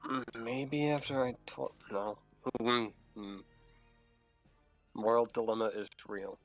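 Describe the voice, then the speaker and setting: Man player, mid pitch, goofy, mutters and swears, casual table chat. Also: slow pace, a bit bright, soft background music, low-quality recording. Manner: joking, muses aloud, casual swearing.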